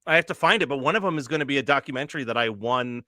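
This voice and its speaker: A man's voice: mid-range voice, animated, racing, sharp tone, no echo, clean studio sound. A man in his late thirties, co-hosting a casual chat and telling a long story full of fillers and laughs. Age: late 30s. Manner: rambling storyteller, many fillers, laughs often. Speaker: co-host.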